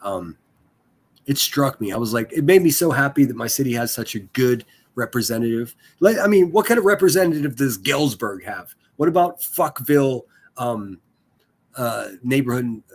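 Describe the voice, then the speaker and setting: A man's voice: mid-range voice, animated, normal speed. A man chatting casually on a live stream, rambling and swearing, full of fillers and restarts. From Pittsburgh area.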